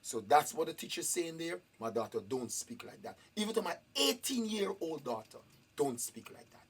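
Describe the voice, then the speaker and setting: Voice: mid-range voice, very animated, moderate pace, slight background noise. A parent questioning school staff in a meeting, repeating the same pointed questions and demanding answers. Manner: repetitive, demanding, raised emphatic questions.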